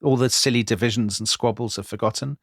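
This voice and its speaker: A man, a podcast co-host, vividly retelling history in animated chat. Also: medium pitch, fast, dry recording, clean studio sound. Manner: vivid, dramatic retelling with quoted voices.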